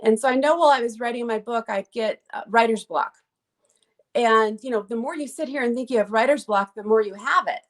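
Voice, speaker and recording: Woman guest, author, fairly high voice, encouraging, advice-giving. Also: brisk. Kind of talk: casual video chat.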